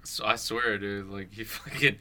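A man's voice: on the low side, measured pace, sharp tone. A young man co-hosting a podcast in casual chat, laid-back, swearing freely. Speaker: podcast co-host.

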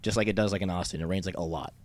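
A man's voice: low-pitched, steady tone, racing. A young man from Canada chatting casually, rambling and swearing a lot with frequent laughs. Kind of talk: casual chat.

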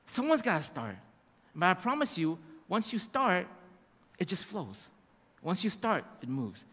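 A male pastor delivers a sermon in a high voice that swings widely in pitch. He repeats phrases for emphasis and acts out little asides. The voice carries a long hall reverb. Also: a little slow. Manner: animated, repetitive preaching with acted-out asides.

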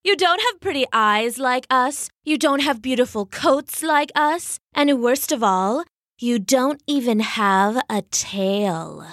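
A woman's voice: medium pitch, lively intonation, unhurried, few pauses, a bit bright, no echo, clean studio sound. A woman doing a vain, sneering cheetah. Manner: sneering, purring. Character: vain, mocking female cheetah.

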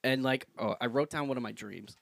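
A young man co-hosting a casual podcast, telling stories in an animated way and jumping into loud, high voices when he quotes people. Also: fairly quick, creaky, no room sound, clean studio sound. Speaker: podcast co-host. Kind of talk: casual chat. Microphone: podcast mic without pop filter.

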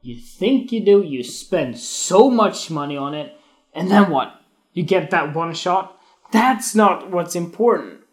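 Casting: man, slightly high-pitched candid live-stream host, swears freely, rambling delivery. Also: animated, slow pace. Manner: candid, swears freely, wanders and restarts, grows emotional. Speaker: photography podcast host. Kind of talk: casual spoken monologue on Instagram Live.

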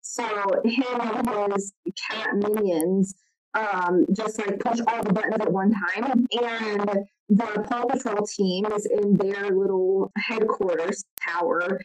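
A woman's voice: mid-range voice, steady tone, takes it slowly. A woman podcast co-host in casual chat, telling rambling stories as a mom. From Ohio. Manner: rambling storyteller, mom talk. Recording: audio with clear background noise.

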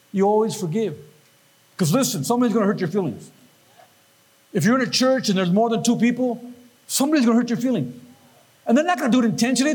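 A man preaching with a husky, high-pitched voice. He keeps the sermon lively and swings his pitch all over, acting out little voices and quotes as he goes. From Northern California. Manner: animated, acts out voices and quotes. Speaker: pastor.

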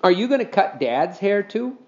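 A man's voice: sits high, sing-song, moderate pace, voice pushed up. A man voicing a whiny young boy who wails and pleads, in a dull lo-fi recording. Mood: wailing. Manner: wailing, pleading.

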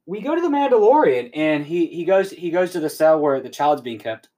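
Rambling young man, slightly high voice. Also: very animated, fairly quick, mellow. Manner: rambling, heavy use of "like" fillers. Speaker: podcast host. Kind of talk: casual recap of a show episode.

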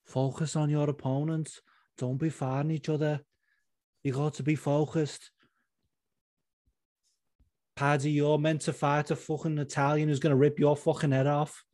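A man's voice: fairly high pitch, flat delivery, normal speed, long pauses, a little mellow, no echo, natural voice. A man doing a bossy woman fighter. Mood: scolding. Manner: bossy, firm coaching tone. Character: stern woman fighter scolding her teammates.

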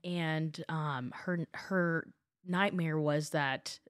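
A woman's voice: low voice, extremely slow, no echo, clean studio sound. A woman hosting a casual conversation, retelling a story and quoting what people said. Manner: chatty, retells anecdotes with quoted dialogue.

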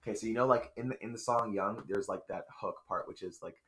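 A man's voice: on the low side, a bit bright, a little hiss or hum. A young man who makes music, a podcast guest telling stories in casual, chatty talk full of fillers. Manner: rapid, chatty storytelling with many fillers. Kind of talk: casual chat.

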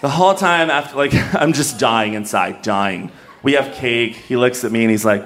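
Give me a young man telling a personal story on stage, candid and self-mocking, medium pitch. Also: normal speed, fairly bright tone.

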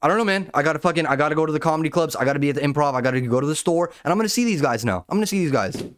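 A man's voice: a little high, expressive, clear, resonant tone, no room sound, pitched above the performer's own voice, close to an everyday voice. A man putting on a jittery male comic who frets in a raised voice and rattles his worries off in a hurry. It sounds dry and close. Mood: worried. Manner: fretful, hurried. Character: anxious small male comedian, fretting, rushed.

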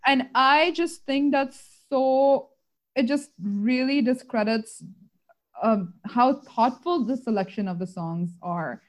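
A woman's voice: high-pitched, takes it slowly. Earnest rambling woman chatting. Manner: earnest, rambling, many fillers. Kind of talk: casual chat.

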